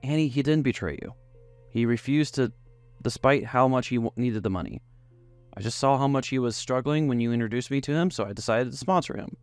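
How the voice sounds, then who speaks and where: A man voicing a calm wealthy middle-aged father who explains himself evenly. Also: mid-range voice, brisk, smooth, no room sound, faint music behind, natural voice.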